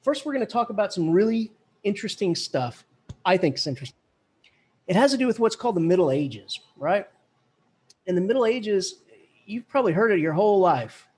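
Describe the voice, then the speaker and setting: Guy professor rambling through a lecture, kinda husky, cracks jokes, higher voice. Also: very animated, a little fast, pauses often, darkish tone. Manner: chatty, jokey, playful mock accents. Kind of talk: lively classroom lecture.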